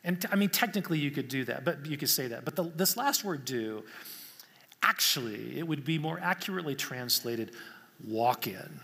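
A man preaching a sermon as pastor, animated and repeating key phrases for emphasis. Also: medium pitch, normal speed, vocal fry, breathy edge. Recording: long hall reverb.

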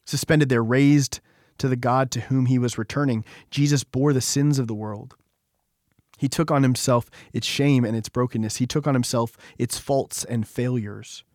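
Man, solemn devotional narration, measured and deliberate, mid-pitched voice, dry close sound. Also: steady tone, darkish tone, no room sound. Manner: solemn, measured, slowing for emphasis. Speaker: devotional reader.

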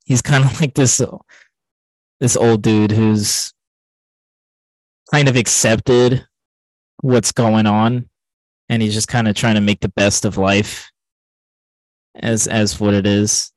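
A man with a fairly low voice talks through a film on a podcast he co-hosts. He rambles, restarts often and leans on fillers. The sound is dry and close, with no room around it. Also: level tone, slow, pauses often, a little mellow, dry recording, rough recording. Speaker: podcast co-host. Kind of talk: casual film discussion.

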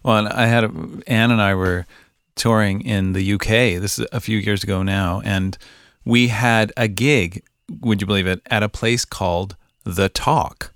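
A middle-aged man with a Canadian accent, hosting a casual podcast interview in a relaxed, chatty way. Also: on the low side, moderate pace, clean tone, dry recording, studio quality. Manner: relaxed, chatty, with frequent ums and laughs. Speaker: podcast host.

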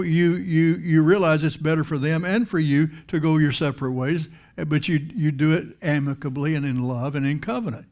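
Male preacher with a fairly high voice, conversational sermon delivery, lots of repeats and rhetorical questions.

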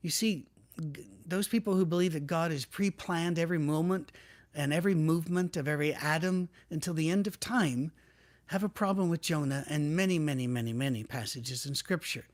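A male pastor preaching in a relaxed, conversational way, acting out the people he quotes. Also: on the high side, a little fast. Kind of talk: sermon.

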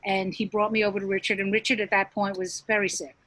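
A woman's voice: mid-range voice, little pitch movement, fast, a bit bright, dry recording, low-quality recording. A middle-aged woman, a stand-up comedian, telling stories in a casual interview, chatty, with many restarts and acted-out quotes.

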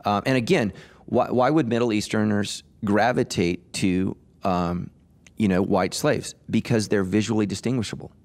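A man's voice: lowish voice, normal speed, darkish tone. A middle-aged man, a pastor hosting a podcast, talking emphatically in a casual discussion, with frequent restarts.

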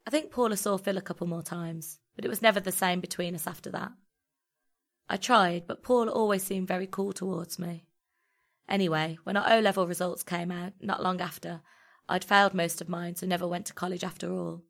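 A woman narrating a first-person story in a measured, intimate way. Her voice sits a little low for a woman, and she reads it out like a recorded storybook. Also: fairly even intonation, vocal fry.

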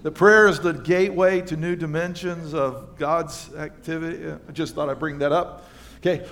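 A pastor delivers a lively sermon, shifting between scripture reading and playful asides to his congregation. His voice sits notably high for a man. He talks with a bouncing, animated energy. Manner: animated preaching with asides and quick exchanges with the congregation. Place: church livestream.

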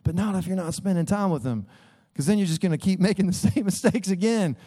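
A man's voice: high-pitched, quick pace, warm tone. A man in his thirties preaching a sermon in a church, earnest and conversational, often calling on listeners to listen. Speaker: pastor. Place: church sanctuary.

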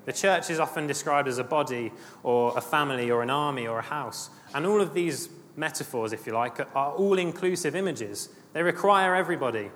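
A man's voice: on the high side, fairly quick, hardly any pauses, a bit bright. A man preaching a sermon, earnest and emphatic, often repeating his phrases. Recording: long hall reverb, faint ambient noise.

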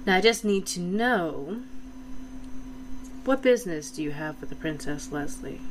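A woman's voice: fairly low pitch, expressive, measured pace, background noise. A woman narrating a tabletop role-playing game as dungeon master, chatty and laughing often, with many fillers.

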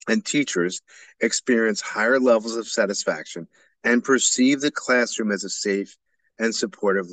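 Low-voiced man hosting an education podcast. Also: a bit bright, no room sound. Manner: earnest, explanatory, emphatic. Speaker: podcast host. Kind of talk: solo educational podcast talk.

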